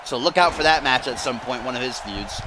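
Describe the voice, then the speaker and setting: A man giving live-stream play-by-play commentary on a wrestling video game, excitable and often rising to shouts on big moves. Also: medium pitch, fairly quick. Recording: clear background noise.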